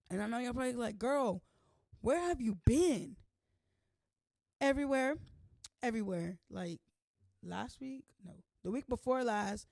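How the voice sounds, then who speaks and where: A young woman hosting her own vlog, playful and chatty, with a slightly hoarse voice and constant "like"s. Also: on the high side, a little mellow, no echo, studio quality. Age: young adult. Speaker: host. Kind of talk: casual vlog chat.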